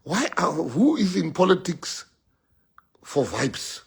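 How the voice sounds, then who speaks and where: A man's voice: high voice, very animated, slow pace, gravelly, slightly rough. A man with a South African accent giving a rousing, joking political speech and switching languages.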